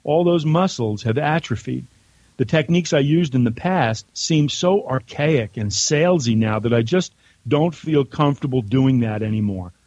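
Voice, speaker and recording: A man's voice: medium pitch, expressive, normal speed, a little mellow, no echo, muffled recording. A man from the United States, a podcast guest, reading his own letter aloud in a blunt, conversational way on a remote call. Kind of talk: casual chat and reading aloud.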